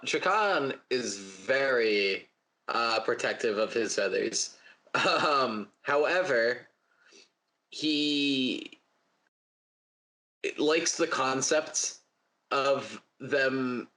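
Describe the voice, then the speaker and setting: Slow, bright-voiced hesitant man. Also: medium pitch. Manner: hesitant, many fillers. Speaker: player. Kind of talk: tabletop game chat.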